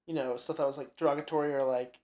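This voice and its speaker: Podcast co-host, lively storyteller, fond of playful voices. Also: fast. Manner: animated, jumps into high put-on voices when acting out scenes. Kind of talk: casual chat.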